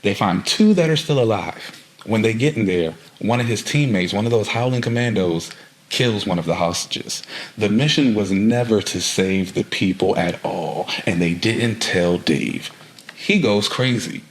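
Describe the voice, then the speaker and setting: A man's voice: lowish voice, measured pace, poor audio. A man co-hosting a podcast, casually recapping a comic book and filling his retelling with "like.". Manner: rambling storyteller, heavy use of "like". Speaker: podcast co-host.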